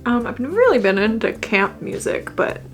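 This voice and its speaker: A woman's voice: a little high, sing-song, a little fast, faint music behind. A young woman in her twenties chatting casually through a makeup attempt, self-deprecating, swearing freely and slipping into mock-dramatic wails. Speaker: beauty vlogger.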